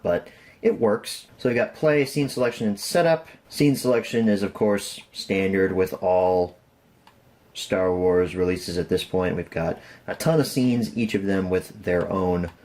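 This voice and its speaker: A man's voice: low voice, darkish tone. Chatty young man reviewing discs. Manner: chatty, self-deprecating, thinks aloud. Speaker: home media reviewer. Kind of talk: casual product review vlog.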